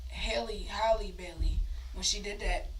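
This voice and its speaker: A woman singer chatting as a guest in a recording studio, animated and quick to jump in with a laugh. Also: medium pitch, far from the mic, slight background noise, rough recording. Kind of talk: casual chat.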